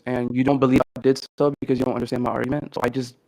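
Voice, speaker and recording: Quick, pedantic male debater who presses every point. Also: medium pitch, level tone, creaky, darkish tone. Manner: argumentative, insistent, pedantic. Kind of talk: casual online debate.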